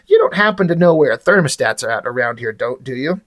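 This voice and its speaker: A man voicing a wisecracking, unbothered male superhero cop, read out in a casual, flat way. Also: mid-range voice, brisk, voice pushed down. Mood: joking, unbothered.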